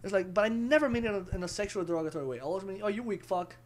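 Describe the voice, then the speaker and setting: Young male podcast host, high voice, rapid and profane, animated storyteller. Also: a little hiss or hum. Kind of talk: casual podcast chat.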